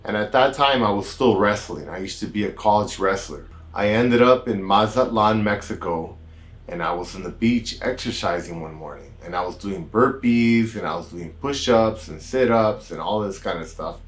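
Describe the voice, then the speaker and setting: American man telling a relaxed story. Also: fairly low pitch, moderate pace. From United States. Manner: relaxed, rambling, with many "kinda" and "you know" asides. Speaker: doctor hosting a health channel. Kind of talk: casual storytelling to camera.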